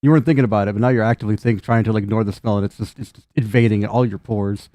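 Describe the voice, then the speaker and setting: A man's voice: lowish voice, fairly even intonation, racing, warm tone, no room sound, studio quality. A man running a tabletop game, talking casually and repeating words as he explains rules. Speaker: game master.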